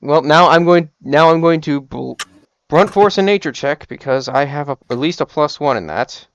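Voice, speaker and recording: A man playing in an online tabletop game, tossing out quick joking asides. His fairly high voice is gravelly with fry. The mic sounds dull and lo-fi, with no room around it. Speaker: player. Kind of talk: casual online game chat.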